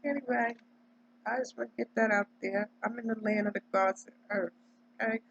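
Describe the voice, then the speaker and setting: A woman's voice: a little high, steady tone, a little fast, vocal fry, a bit bright, a little hiss or hum. A woman from Delaware giving an emphatic, preachy casual monologue, tagging her points with "right?". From Delaware, United States. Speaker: vlogger. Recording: dull lo-fi audio.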